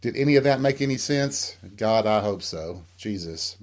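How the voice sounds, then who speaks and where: A man's voice: lowish voice, animated, normal speed, over loud music. A man from Tennessee hosting a candid solo podcast, frank and self-deprecating, with a rambling delivery. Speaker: podcast host.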